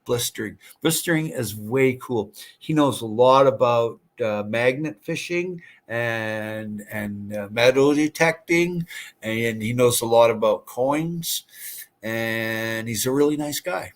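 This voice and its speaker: A man's voice: medium pitch, takes it slowly. A man hosting a casual livestream, chatting with viewers in a rambling, friendly way with many fillers and restarts. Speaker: livestream host. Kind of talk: casual livestream chat reading viewer comments.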